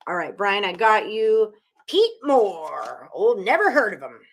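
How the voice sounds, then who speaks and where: A woman's voice: medium pitch, lively intonation, normal speed, a bit bright. A woman hosting a sports betting live stream, chatting casually and a bit profanely as she reads viewers' picks while writing them on a whiteboard. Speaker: sports betting show host.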